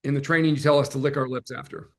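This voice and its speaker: A man running a live online sales training, chatty and energetic, joking about himself as he coaches. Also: medium pitch, rapid-fire. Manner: energetic, chatty, self-deprecating. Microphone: computer mic on a video call.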